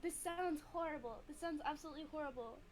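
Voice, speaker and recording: A woman's voice: high voice, fast talker, over a noisy crowd. A woman chatting on a live art stream, playful and jokey, swearing and trying silly accents.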